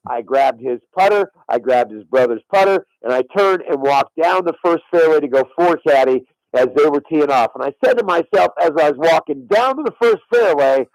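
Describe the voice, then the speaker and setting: A man's voice: on the high side, expressive, moderate pace, few pauses, no room sound, low-quality recording. A middle-aged man, a former caddie, telling a long story on radio and swearing on his daughter's life. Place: radio studio.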